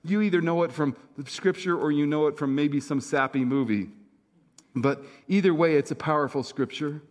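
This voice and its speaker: A middle-aged male pastor preaching in a somewhat raised, light voice. He talks casually, with fillers and asides to the congregation. He moves between loud, punchy stretches and soft, slow, hushed ones. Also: on the high side. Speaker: senior pastor. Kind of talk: sermon.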